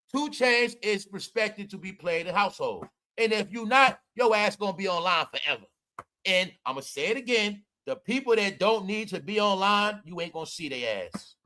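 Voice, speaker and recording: Man, ranting commentary, preachy and emphatic, bright tense voice, slightly high pitch. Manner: emphatic, preachy, addresses viewers as y'all, swings loud and soft. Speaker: commentary streamer.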